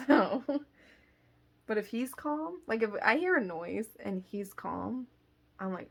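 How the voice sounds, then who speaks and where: A woman's voice: medium pitch, lively intonation, slow pace, creaky. A young woman vlogger telling a rambling story in casual chat, full of fillers and little laughs. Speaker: crochet vlogger.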